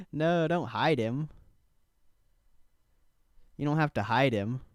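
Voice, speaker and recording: A man's voice: mid-range voice, extremely slow, no room sound, studio quality. Laid-back young man chatting on a stream. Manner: laid-back, swears casually, laughs often, talks to chat. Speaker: stock trading livestream host. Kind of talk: casual live-stream chat.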